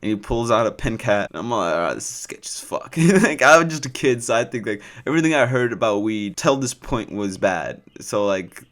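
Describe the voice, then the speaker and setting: A man's voice: medium pitch, lively intonation, moderate pace, few pauses, a bit bright. Give me a rambling, profane young man from California telling a story. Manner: rambling and profane, full of "like" fillers. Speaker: vlogger. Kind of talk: casual storytime vlog.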